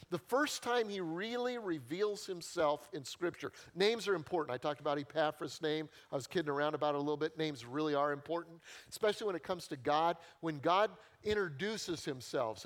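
Higher-voiced male pastor, chatty sermon. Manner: conversational storytelling with self-deprecating humor; repeats key phrases for emphasis.

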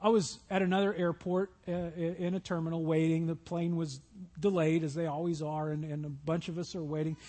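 A man's voice: fairly high pitch, flat delivery, brisk, warm tone. A man preaching a sermon, telling stories and acting out Bible scenes in voices. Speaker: pastor.

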